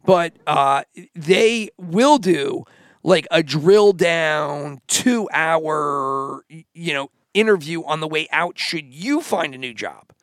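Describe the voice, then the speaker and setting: This man co-hosts a podcast and speaks slowly in a slightly high, fairly bright voice with lively intonation. His casual chat rambles along with many fillers and false starts. The audio is dry and studio-clean.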